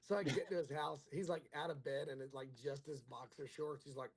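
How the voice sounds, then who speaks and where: A man's voice: medium pitch, steady tone, a little fast, breathy edge. A male comedian telling a rambling, crude, self-mocking story in casual chat, acting out the dialogue. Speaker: comedian guest.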